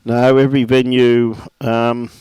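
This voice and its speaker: A man with an Australian accent giving relaxed live commentary on a bowls match and greeting viewers by name. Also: medium pitch, a little slow, clear, resonant tone, dry recording. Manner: laid-back, chatty, greets viewers by name. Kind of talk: live sports commentary with viewer shout-outs.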